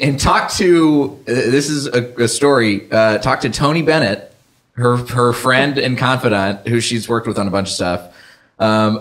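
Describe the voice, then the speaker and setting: A man's voice: mid-range voice, a bit bright. Man, podcast host, wry casual film chatter, loose and conversational. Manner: sarcastic, wry, talks with fillers and restarts.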